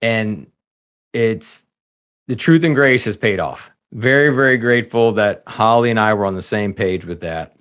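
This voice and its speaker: A man in his forties hosting a podcast, speaking in a measured, reflective way. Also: on the low side, fairly bright tone, clear, resonant tone. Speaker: podcast host. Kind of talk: casual podcast conversation.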